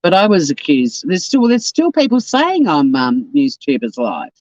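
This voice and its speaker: A woman's voice: on the low side, huge pitch swings, moderate pace, a little mellow, no room sound, highs cut off. An Australian woman with a South Australian accent hosting a casual livestream, rambling bluntly and swearing as she reads out comments. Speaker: YouTube livestream host.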